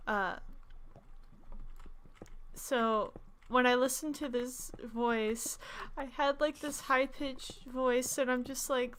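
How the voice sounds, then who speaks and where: This young woman's gaming-stream chatter is casual, giggly and rambling, full of fillers, in what she calls an alto voice. It sits high with fairly even intonation and a fairly bright tone, and she speaks slowly, pausing often. Slight background noise is present.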